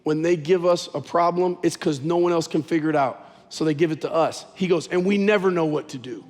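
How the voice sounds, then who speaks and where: A man's voice: a little high, brisk, a little mellow, big-room sound. A man preaching a sermon as pastor, talking conversationally and telling stories with animation.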